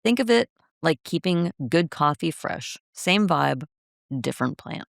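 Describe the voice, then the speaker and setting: A woman's voice: on the low side, lively intonation, measured pace, gravelly, dry recording, clean studio sound. A woman co-hosting a podcast with her partner, reading a product spot and chatting in a playful, teasing way. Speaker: podcast co-host. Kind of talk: casual chat with partner.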